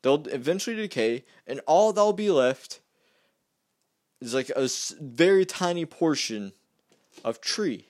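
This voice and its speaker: Young male vlogger, lively rambling rant, higher-pitched voice, mocking tone. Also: unhurried, long pauses. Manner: rambling, repeats himself, mocking. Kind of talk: casual political rant.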